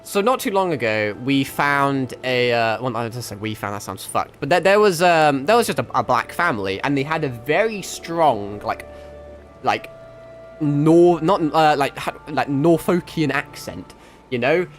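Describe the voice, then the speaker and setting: A man's voice: mid-range voice, lively intonation, a little slow. A young man with a mixed northern English accent, chatting casually to his livestream while gaming, rambling, swearing and laughing often. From England. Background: faint background music.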